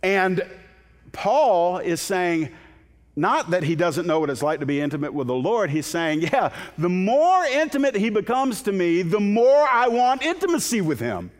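A man's voice: high voice, very animated, a little slow. A man preaching a sermon as a guest preacher in a church sanctuary, impassioned and emphatic, often restarting his words. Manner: impassioned, building to emphatic peaks, with repeated restarts. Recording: long hall reverb in a sanctuary.

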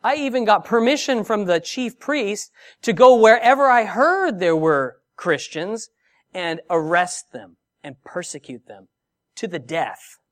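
A man's voice: sits high, animated, unhurried, a bit bright, voice pushed up. A man preaching who speaks as the apostle Paul, retelling his story in the first person with earnest emphasis. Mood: earnest, emphatic. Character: the apostle Paul, a zealous man defending himself. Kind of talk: sermon.

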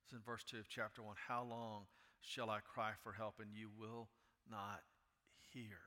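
A man preaching a sermon, dropping low and quiet, then rising into loud, impassioned pleading as he reads scripture. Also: little pitch movement, measured pace, in a large hall. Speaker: pastor.

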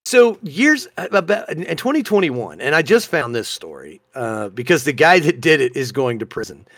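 A man's voice: a little high, moderate pace, no room sound. A man co-hosting a casual podcast, reading out odd news stories and reacting with lots of laughter. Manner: animated, laughs often, reads news stories aloud. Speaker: podcast co-host.

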